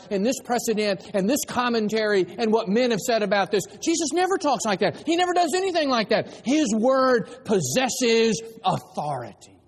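A man's voice: very high voice, big pitch swings, moderate pace, hardly any pauses, in a large hall, slight background noise. A man preaching a sermon with an emphatic delivery, sometimes acting out voices of the people he describes. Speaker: pastor.

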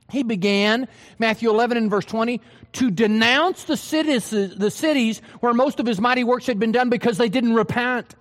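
A man's voice: very high voice, moderate pace, big-room sound. A man preaching a sermon, emphatic and full of questions to his listeners. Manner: emphatic, asks the hearers questions.

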